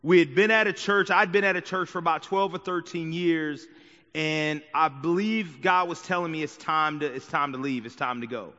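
A man's voice: fairly high pitch, normal speed, pushed and bright. A man preaching a sermon as pastor, talking conversationally and checking in with the congregation often. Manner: conversational preaching with frequent "right?" and "okay?" asides. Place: church sanctuary. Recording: dull sound with long hall reverb.

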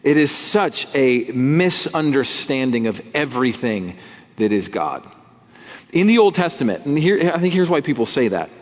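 A man's voice: medium pitch, very animated, moderate pace. A man preaching a sermon in a conversational way, with vivid everyday images. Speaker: pastor. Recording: dull sound with long hall reverb.

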